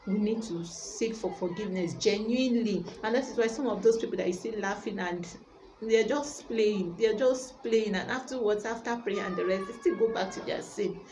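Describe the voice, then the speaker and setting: A woman's voice: medium pitch, normal speed, darkish tone, a little hiss or hum, rough recording. A woman preacher giving a sermon, retelling a Bible story and urging her listeners with emphatic repetition.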